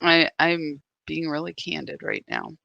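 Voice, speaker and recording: Bright-voiced woman in an emotional live talk. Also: deep voice, huge pitch swings, measured pace, vocal fry, dry recording, lo-fi sound. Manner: emotional, searching, many restarts. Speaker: spiritual practice host. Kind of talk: candid live-stream talk. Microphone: phone.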